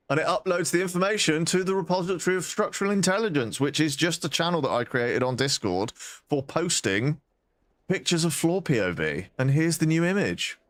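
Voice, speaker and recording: A man's voice: mid-range voice, fairly bright tone, no echo. A man streaming a game and chatting casually, rambling, swearing and mocking himself with bursts of laughter. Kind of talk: casual live-stream chat.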